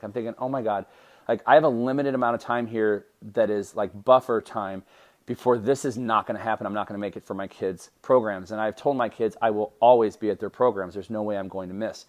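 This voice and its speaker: A man in his thirties tells a personal story on his podcast. He talks at an ordinary middle pitch and keeps his delivery animated. He often breaks off, starts his sentences over and laughs between thoughts. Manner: animated, self-interrupting storytelling with restarts and laughs. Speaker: podcast host.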